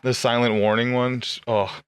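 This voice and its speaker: A man's voice: mid-range voice, level tone, moderate pace, clean tone, dry recording. Rambling swearing podcast guy. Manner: rambling, swears a lot, laughs often. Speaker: podcast co-host. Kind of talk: crude casual banter.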